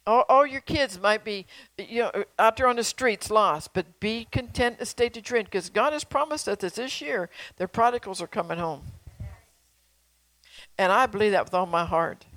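Older woman, preacher, folksy sermon, emphatic, repetitive, questions to listeners, medium pitch, dry recording. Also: normal speed, fairly bright tone, dry recording, poor audio. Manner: folksy, emphatic, repeats phrases, asks the audience questions. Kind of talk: sermon with prophecy.

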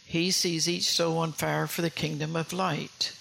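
A woman preaching a sermon with a gravelly, tense voice. She speaks earnestly, circles back over her phrases and keeps questioning her listeners. Faint room ambience hums behind her. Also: low-pitched, level tone, measured pace, a bit bright, a little hiss or hum, poor audio.

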